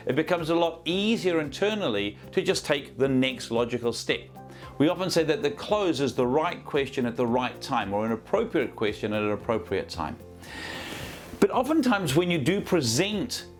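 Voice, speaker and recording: A man, a business trainer giving a conversational coaching talk to the camera and acting out small scenes as examples. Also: on the high side. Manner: lively, conversational, acts out examples.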